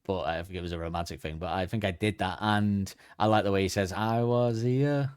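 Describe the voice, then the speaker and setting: A podcast host chats casually, rambling and hesitating with plenty of fillers. His low voice barely moves in pitch, and he talks fast. The tone is clean, captured in a dry, studio-quality recording.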